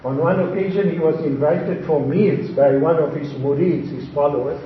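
A man gives a sermon to his congregation and teaches through anecdotes and wry, humorous asides. His voice sits a little high for a man. It comes from far off the mic in a strongly echoing hall, with a dull, lo-fi sound. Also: moderate pace, slight background noise. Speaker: Islamic preacher.

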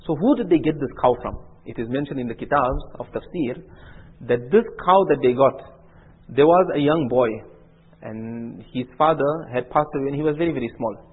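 A man's voice: mid-range voice, normal speed, slightly rough, big-room sound. A man preaching an Islamic sermon, telling stories in earnest, repetitive phrasing and acting out the dialogue. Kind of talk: sermon with storytelling. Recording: tinny lo-fi phone-like recording.

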